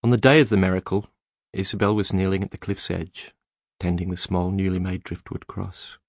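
A man narrating an audiobook in a measured, even storytelling manner, close to the mic. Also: low-pitched, no echo. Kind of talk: scripted narration.

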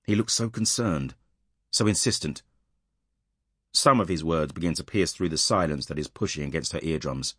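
A man narrating an audiobook in a measured, tense storytelling manner, recorded close in a dry studio. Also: a bass voice, a bit bright, husky, dry recording.

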